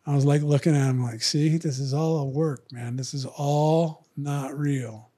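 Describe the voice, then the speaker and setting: Animated storytelling man, fairly high voice. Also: unhurried, slightly rough. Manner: animated, acts out other people's lines in raised voices. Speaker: podcast guest, retired fighter. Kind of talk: storytelling in casual chat.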